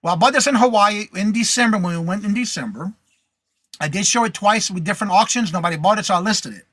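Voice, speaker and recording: A man's voice: sits high, fast, a bit bright. A man hosting a casual live reseller show, chatting, reading viewer comments aloud and greeting viewers by name. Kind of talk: casual live-stream chat.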